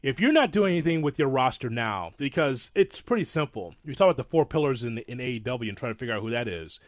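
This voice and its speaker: A man co-hosting a casual wrestling talk show, rambling and self-deprecating, with animated asides. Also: mid-range voice, fast talker, dry recording, clean studio sound. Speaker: podcast co-host.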